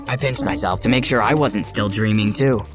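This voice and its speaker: A narrator telling a first-person storytime tale in a steady, even manner, over background music. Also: medium pitch, normal speed.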